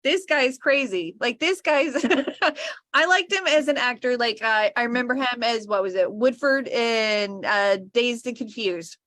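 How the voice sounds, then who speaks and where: A woman co-host chatting casually and laughing easily. Her voice is fairly high and bright, and she talks at an unhurried, drawn-out pace. The sound is close and dry. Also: no echo. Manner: laughs often, loose and jokey. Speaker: podcast co-host. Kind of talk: casual chat.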